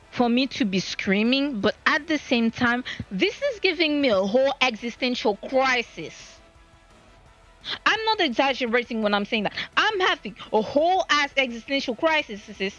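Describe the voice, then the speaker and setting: A woman's voice: high-pitched, sing-song, normal speed, a bit bright, muffled recording, faint music behind. Flustered, rambling female streamer. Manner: rambling, flustered, stammers and restarts. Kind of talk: casual live-stream monologue.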